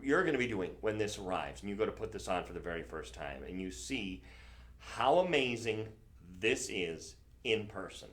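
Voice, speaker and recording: A man hosting a live shopping stream, selling jewelry in a chatty, enthusiastic way and correcting himself as he goes. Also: mid-range voice. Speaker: shopping channel host.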